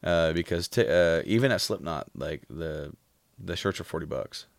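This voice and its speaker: A man's voice: low-pitched, moderate pace, creaky, dry recording. A man in casual chat, recounting concert memories in a rambling way with many fillers.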